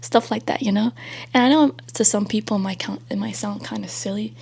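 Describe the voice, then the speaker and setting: A young woman vlogger talking through self-help ideas in a soft, half-whispered, reassuring way, rambling loosely with lots of fillers. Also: mid-range voice, brisk, vocal fry, breathy edge. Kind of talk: casual self-help chat.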